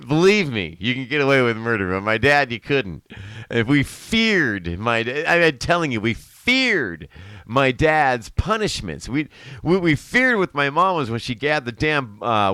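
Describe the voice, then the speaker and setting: Speaking at a medium pitch that sounds pushed and bright yet smooth, a middle-aged man recounts family tales to his live stream audience. The storytelling is loose and rambling, peppered with laughter and self-corrections, and the sound has no echo.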